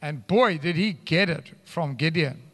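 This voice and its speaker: A man preaching a sermon with animated swings between loud and hushed, and rambling asides. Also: a little high, measured pace. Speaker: pastor. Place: church hall. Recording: live church hall reverb.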